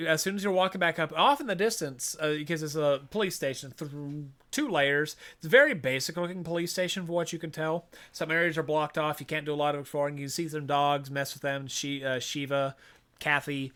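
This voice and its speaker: Animated male host, bright voice, rambling game recap. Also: fairly high pitch, brisk. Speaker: podcast host. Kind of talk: casual game review chat.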